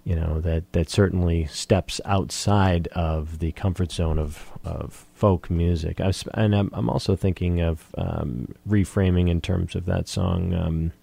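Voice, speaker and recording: A man hosting a casual interview, asking thoughtful, probing questions with halting restarts. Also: sits low, steady tone, gravelly, warm tone, slightly rough.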